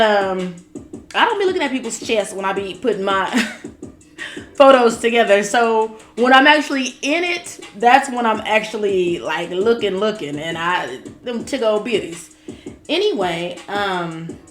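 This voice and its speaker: A woman, chatting casually as a tarot reader and show commentator, with playful asides. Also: medium pitch. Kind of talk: casual chat.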